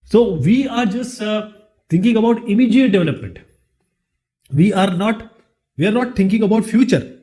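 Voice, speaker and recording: A man's voice: sits high, expressive, normal speed, pauses often, mellow. A man with an Indian English accent teaching a lesson, asking rhetorical questions and then answering them himself. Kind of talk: classroom lecture.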